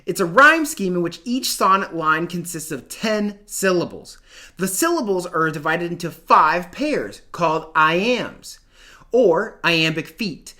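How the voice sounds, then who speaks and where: A young man leads an online lesson, his bright voice swinging widely up and down. He jokes, uses slang and chants terms in a sing-song rhythm. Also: sits high. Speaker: teacher.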